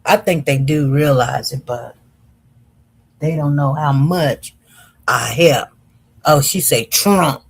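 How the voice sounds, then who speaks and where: Slow, chatty woman livestreaming. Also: low-pitched, creaky, husky. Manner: chatty, slow and meandering, addresses viewers as y'all. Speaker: livestream host. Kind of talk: casual livestream chat reading comments.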